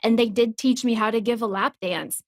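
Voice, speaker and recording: A woman co-hosting a podcast in casual chat, animated and quick with laughs, acting out the people she quotes. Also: a little high, no room sound, clean studio sound. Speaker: podcast co-host.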